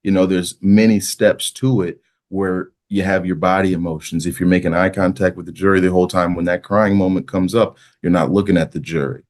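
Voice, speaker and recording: A man's voice: sits low, steady tone, a little fast, few pauses, darkish tone. A man, a mock trial coach, speaking as a podcast guest and giving earnest, practical coaching advice. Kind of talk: casual podcast interview.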